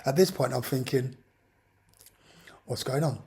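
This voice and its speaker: A man's voice: medium pitch, a little slow, vocal fry, warm tone, husky. A man telling a personal story in an exasperated, ranting way. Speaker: vlogger. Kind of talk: personal account monologue.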